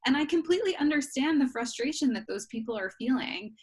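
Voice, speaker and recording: A woman's voice: sits high, expressive, fast talker, darkish tone, slightly rough. A woman in a casual podcast chat, earnest and indignant. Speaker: co-host.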